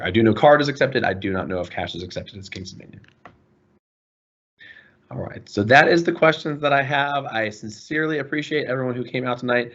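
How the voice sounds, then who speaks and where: A man's voice: low voice, highs cut off. A man running an online information session for parents, earnest and apologetic as he answers questions. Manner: earnest, apologetic, warm toward students. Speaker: school administrator. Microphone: video call.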